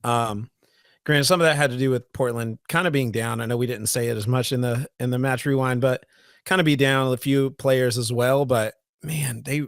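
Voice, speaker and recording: A man's voice: mid-range voice, no room sound. A man in the middle of his range talks sports on a podcast, keen and a little tumbling, often circling back to restart a thought. The sound is close and dry, with almost no room around it. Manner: enthusiastic, restarts and repeats words often. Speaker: podcast co-host. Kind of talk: casual sports podcast chat.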